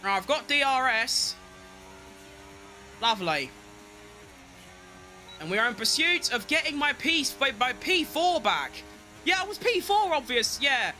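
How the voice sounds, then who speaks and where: A man giving excitable, self-mocking live commentary while playing a racing game, talking to himself as he drives. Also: very high-pitched, unhurried, long pauses, soft background music. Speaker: gaming streamer.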